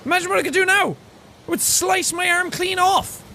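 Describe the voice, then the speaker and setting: A man voicing an anxious, dramatic young woman stranded in a car as he reads game dialogue aloud, in a high, swooping, overwrought tone. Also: steady tone, normal speed, gravelly, pushed and bright, slight background noise, heavily acted.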